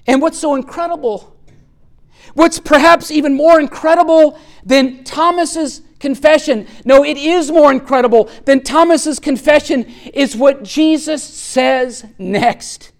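Male pastor, very high voice, sermon delivery with dramatic swells and hushed drops. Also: a little slow. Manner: reads a long quote aloud with rising fervor.

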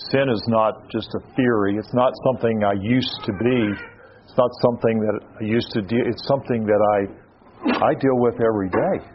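A man preaching a sermon in a conversational, animated way, acting out his own thoughts as he teaches. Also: medium pitch, lo-fi sound, slight background noise.

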